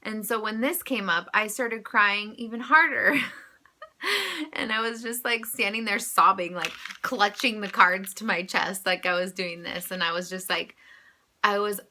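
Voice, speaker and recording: A woman's voice: mid-range voice, fairly even intonation, unhurried, bright, forceful tone. A woman in her thirties, a tarot vlogger, talking casually and emotionally, with many fillers. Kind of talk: casual vlog monologue.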